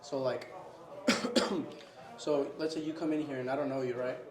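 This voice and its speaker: This young man owns the restaurant where he's being interviewed, speaking at a measured pace in a mid-range voice with fairly even intonation. Crowd noise fills the echoey room as he casually says "bro" a lot and acts out moments with customers.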